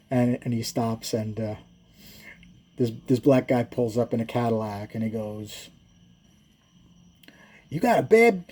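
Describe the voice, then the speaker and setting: A man who builds engines explains his work in casual, rambling shop talk that drifts into stories, often correcting himself and chuckling. His mid-range voice has a dark tone with a breathy edge.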